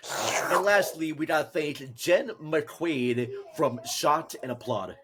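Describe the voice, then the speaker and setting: A man from Minnesota hosting a casual podcast chat, rambling and halting with lots of fillers. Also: a little high, lively intonation, heavy background noise. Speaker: podcast host.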